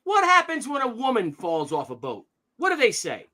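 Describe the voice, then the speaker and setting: A man's voice: very high voice, moderate pace. A man in his fifties hosting a casual live stream, joking and telling anecdotes. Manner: jokey, animated, tells gags and anecdotes. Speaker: stream host.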